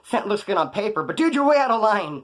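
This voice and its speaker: A man telling prison stories in a rapid, slangy monologue, acting out the voices of the people in them. He is from Kern County, California. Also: high voice, sing-song, fairly bright tone. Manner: rapid, slangy, quotes others in put-on voices. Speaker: prison storyteller vlogger. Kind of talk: fast casual storytelling monologue.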